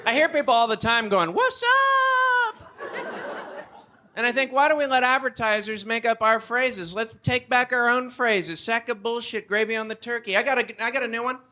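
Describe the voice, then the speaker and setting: A man's voice: very high-pitched, fairly quick, hardly any pauses. A young man doing a live stand-up routine on a comedy club stage, acting out the people in his stories. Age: young adult. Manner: animated storytelling, acting out voices. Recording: noisy live stage recording.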